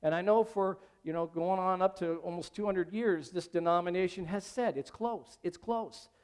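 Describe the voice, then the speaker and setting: A man's voice: high voice, steady tone, normal speed, a little mellow, clean tone. A man preaching a sermon as pastor at a church service, talking conversationally and asking the congregation questions.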